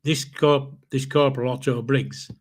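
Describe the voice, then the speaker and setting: Husky older man telling stories. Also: medium pitch, steady tone, measured pace. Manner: rambling, with restarts and chuckles. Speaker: podcast host. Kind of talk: casual storytelling.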